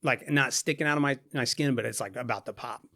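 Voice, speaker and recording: A man's voice: medium pitch, fast talker, fairly bright tone, no room sound, studio quality. Man telling a story, loose and profane. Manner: rambling, profanity-laced, full of "like" and "you know". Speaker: podcast guest. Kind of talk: casual storytelling chat.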